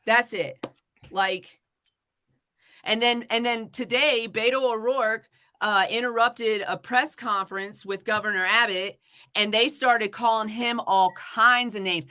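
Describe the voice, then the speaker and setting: A woman's voice: on the high side, fairly even intonation, unhurried, bright, forceful tone, smooth. A woman hosting a live-streamed talk show, talking in a heated, swearing rant before turning to her guest. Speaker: podcast host.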